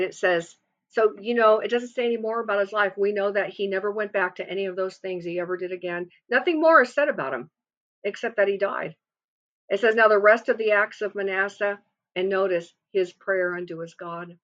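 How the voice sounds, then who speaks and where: A woman preaching a sermon, explaining scripture with emphatic, swelling delivery. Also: fairly low pitch. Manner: emphatic, rising and falling for emphasis. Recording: slightly dull lo-fi sound.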